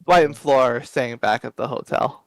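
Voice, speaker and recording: Halting, casual male game master. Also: medium pitch, vocal fry, no echo. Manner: halting, with restarts and fillers. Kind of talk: narrating and voicing a tabletop game.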